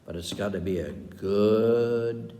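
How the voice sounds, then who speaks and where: An older storyteller from Wisconsin, USA, spins folksy tales for children, rambling with chuckles and asides. His voice sits on the low side, slow and dark, with a slight hiss or hum in an echoey room with long reverb.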